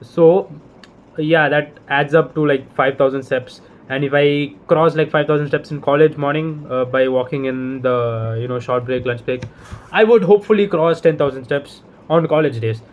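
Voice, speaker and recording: A man's voice: fairly high pitch, normal speed, phone-quality sound. A young man, rambling and swearing in a casual, exasperated rant to the camera. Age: young adult. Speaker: vlogger.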